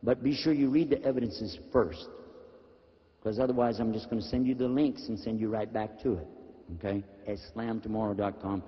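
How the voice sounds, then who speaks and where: A man's voice: on the low side, fairly even intonation, normal speed. A male Islamic preacher giving a sermon to an audience, emphatic and asking his listeners rhetorical questions. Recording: dull lo-fi recording with long reverb in a hall.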